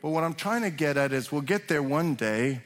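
A man's voice: a little high, expressive, normal speed. A man preaching a sermon as pastor, talking conversationally with restarts and building to emphatic points. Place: church sanctuary. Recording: long hall reverb.

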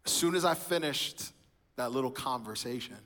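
A man stands in a church and gives his personal testimony in sermon style. He tells the story with animation, slipping into the voices of the people he quotes. His voice is bright and forward, and it rings with the long reverb of a large hall. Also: medium pitch, lively intonation, moderate pace. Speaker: speaker sharing his testimony.

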